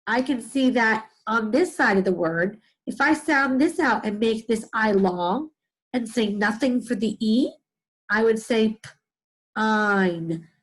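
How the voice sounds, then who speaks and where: A woman teacher giving a reading lesson to young children, sounding out words slowly in chunks and asking the listener questions. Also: fairly high pitch, slightly rough, rough recording. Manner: slow, sing-song, exaggerated sounding out of words; asks the listener questions and answers them.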